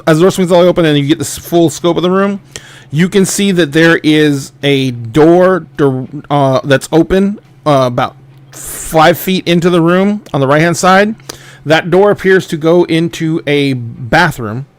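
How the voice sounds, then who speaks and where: A man narrating as game master of a tabletop game, laying out a scene piece by piece with fillers and restarts. His voice sits fairly high and sounds close and dry, with no room around it. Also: moderate pace, no echo.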